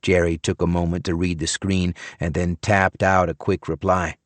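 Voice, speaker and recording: A man narrating an audiobook thriller in a measured, wry tone. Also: sits low, flat delivery, dry recording. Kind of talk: scripted narration.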